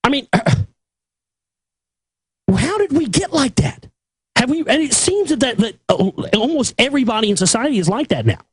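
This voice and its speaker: A male talk show host delivering an angry, profane rant that keeps building toward shouting. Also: very high-pitched, big pitch swings, moderate pace, pauses often, breathy edge, no room sound. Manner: aggressive, profane, escalating to shouting.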